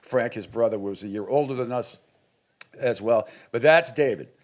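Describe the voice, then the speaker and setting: A man's voice: mid-range voice, normal speed. A middle-aged man from New England, a sports radio host, telling a rambling story with many restarts and acted-out quotes. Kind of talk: casual storytelling.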